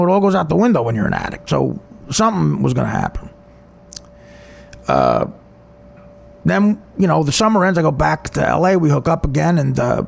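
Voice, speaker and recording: A man's voice: fairly high pitch, gravelly, husky. A man with a New Jersey accent, a comedian telling a personal story in a rambling, profane, self-mocking way.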